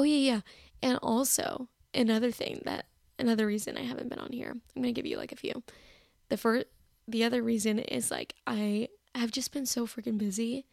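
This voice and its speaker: Chatty young woman with a gravelly voice. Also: fairly high pitch, darkish tone, no echo, clean studio sound. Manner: rambling, chatty and self-critical. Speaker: podcast host. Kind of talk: casual solo chat. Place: bedroom, sitting on her bed. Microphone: personal mic.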